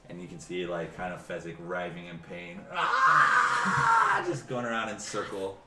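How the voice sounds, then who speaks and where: A man's voice: low-pitched, brisk, shouting, very noisy. A man narrating as dungeon master, rambling with frequent restarts. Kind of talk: narrating a tabletop game. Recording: roomy echo, faint music.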